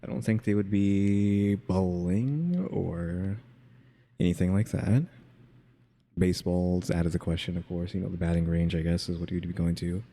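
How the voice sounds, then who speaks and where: A man with a low, gravelly voice muses in casual chat and speaks his punctuation out loud. His tone is dark and husky. His voice trails off in a long reverb. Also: steady tone, moderate pace. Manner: muses aloud, says "question mark" out loud.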